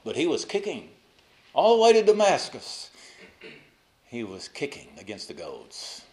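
A male pastor preaching a sermon, moving between loud emphatic lines and soft asides, and putting rhetorical questions to the congregation. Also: fairly high pitch, huge pitch swings, a little slow.

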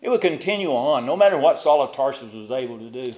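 A male pastor preaching a sermon, moving between loud emphatic lines and soft asides, and putting rhetorical questions to the congregation. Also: mid-range voice, lively intonation, fast talker.

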